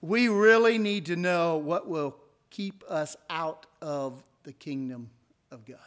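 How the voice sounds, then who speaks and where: A man's voice: fairly high pitch, slow pace, fairly bright tone. Man preaching with rising emphasis. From United States. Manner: conversational, asks the congregation rhetorical questions; rises to emphatic peaks on key points. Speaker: pastor. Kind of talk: sermon.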